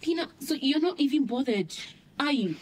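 An actress playing an anxious young best friend who keeps pressing with dramatic questions. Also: female voice, sits high, lively intonation, moderate pace, a little hiss or hum. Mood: insistent.

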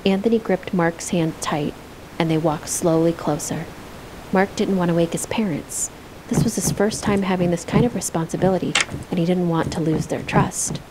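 A woman voicing a low, calm ghost-story teller. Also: normal speed, background noise, natural voice. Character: calm woman telling campfire ghost stories. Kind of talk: scripted storytelling in a game.

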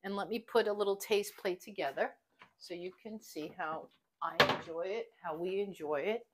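A woman's voice: medium pitch, moderate pace, heavy background noise. A middle-aged woman hosting a casual home cooking vlog from her kitchen, chatty and enthusiastic as she shares kitchen tips. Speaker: cooking channel host.

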